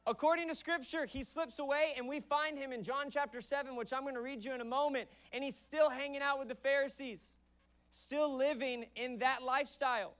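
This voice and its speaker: A young man preaching from a church stage with a high, lively voice. He keeps it conversational and animated, slipping into quick bits of acted-out dialogue. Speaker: pastor. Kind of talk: sermon. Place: church auditorium.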